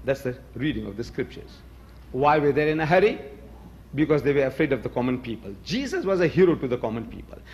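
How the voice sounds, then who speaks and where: A man's voice: mid-range voice, big pitch swings, fast talker, darkish tone, husky. An older man giving a debate speech, telling his story with animation and acting out both sides of the exchange. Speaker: public debater.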